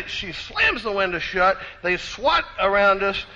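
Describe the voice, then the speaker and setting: A man from Austin with a Texan accent, telling an animated, self-deprecating recovery story to a conference crowd. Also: sits high, a little slow, hardly any pauses. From Austin, Texas. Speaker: recovery speaker. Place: conference hall. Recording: dull echoey hall recording.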